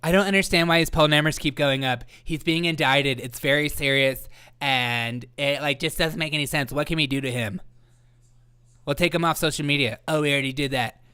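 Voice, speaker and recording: Sarcastic guy riffing on politics, smooth clear voice, bit high. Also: brisk, sharp tone. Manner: sarcastic, laughing, mocking asides. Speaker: host. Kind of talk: satirical political commentary.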